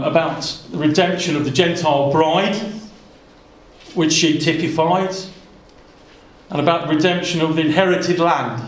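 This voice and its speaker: Earnest preacher man in an echoey hall. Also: fairly high pitch. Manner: earnest, conversational, many asides and restarts. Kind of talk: expository Bible sermon. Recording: echoey room.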